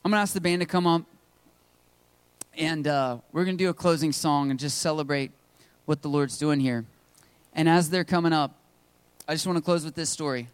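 A man's voice: fairly high pitch, fairly quick, pauses often, clear, resonant tone, no echo. A man preaching a sermon to his congregation in a conversational, joking way. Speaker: pastor. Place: church service.

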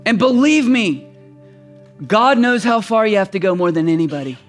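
High-voiced man preaching a sermon. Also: expressive, moderate pace, faint music behind. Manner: swings from shouting to hushed, intimate delivery. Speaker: pastor.

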